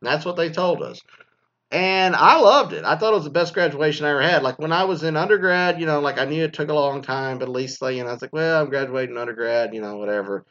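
A man in his forties, a former teacher from Texas, ranting bluntly with constant swearing and animated storytelling. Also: a little high, fast. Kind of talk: profane ranting monologue. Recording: slightly dull lo-fi recording.

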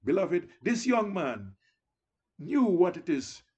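Man, preacher, sermon, husky voice, animated pitch, earnest, exhorting. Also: slow pace, dull audio. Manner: earnest, exhorting, repeats "beloved".

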